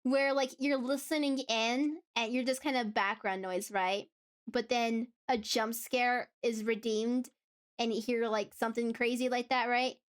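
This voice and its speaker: A woman's voice: a little high, steady tone, a little slow, smooth. A woman streaming live, chatting casually with her viewers in a rambling way, laughing often between thoughts. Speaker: VTuber streamer.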